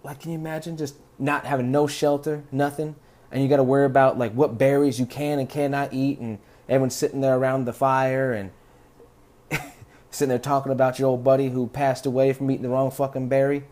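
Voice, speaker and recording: A man's voice: medium pitch, flat delivery, a little fast, darkish tone. A man hosting a podcast, telling stories in a rambling, profane, laid-back way. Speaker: podcast host. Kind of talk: casual rambling monologue.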